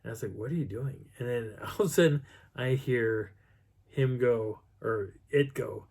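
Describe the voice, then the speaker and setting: A man's voice: medium pitch, moderate pace, creaky. A man casually telling a personal story and acting out the sounds and voices as he goes. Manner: animated, acts out sounds and voices. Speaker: channel host.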